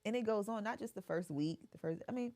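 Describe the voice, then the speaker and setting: A woman's voice: medium pitch, fast. A woman, a surgeon guest chatting frankly and practically on a podcast. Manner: animated, laughs often, frank and practical. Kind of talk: casual podcast chat.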